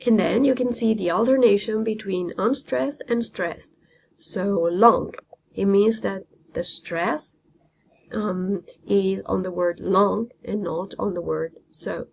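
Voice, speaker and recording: Gravelly-voiced woman teaching a lesson. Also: medium pitch, unhurried, a little mellow. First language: Italian. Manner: explains step by step, with frequent ums and uhs. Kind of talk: classroom lecture.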